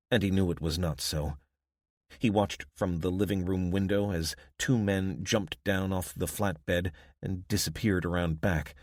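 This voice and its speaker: Brief: male narrator, deep, measured scripted audiobook delivery, dry sound. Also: no room sound. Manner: steady, measured storytelling.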